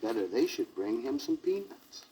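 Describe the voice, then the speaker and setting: A dry, grumbling male lion, voiced by a man muttering to himself. His voice sits a little lower and stays mellow. It comes off a crackly 1960s storybook record. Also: very animated, normal speed, husky. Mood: wry.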